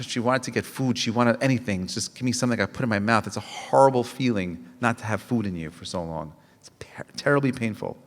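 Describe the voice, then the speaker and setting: A rabbi delivers a Tisha B'Av lecture, his voice sitting at an ordinary male pitch. He presses the audience with rhetorical questions and tells stories with frequent restarts. A long hall reverb trails every phrase. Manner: impassioned, full of rhetorical questions.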